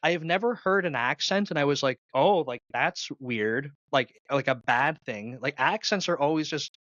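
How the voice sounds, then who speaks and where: A man's voice: fairly high pitch, fairly quick, pushed and bright, dry recording. Easygoing Canadian man hosting, dull dry mic. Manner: easygoing, thinks aloud with restarts. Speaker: podcast host. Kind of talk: casual interview conversation.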